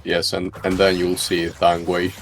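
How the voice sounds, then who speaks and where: A man's voice: sits low, monotone, unhurried, faint music behind. A man chatting casually as a co-commentator on a speedrun, joking and opinionated in friendly banter. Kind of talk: casual chat over gameplay.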